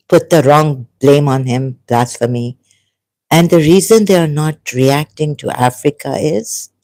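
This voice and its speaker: A woman from Pakistan hosts a casual livestream, reacting to viewer comments. Her voice is low and warm, and her speech comes slowly, full of fillers, restarts and shocked exclamations.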